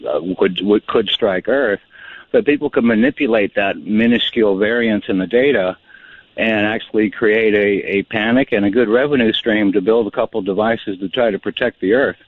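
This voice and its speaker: A man's voice: fairly low pitch, normal speed, no room sound. Hesitant man on a tinny phone line. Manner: rambling, hesitant. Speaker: caller. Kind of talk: phone-in call. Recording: dry phone-line audio.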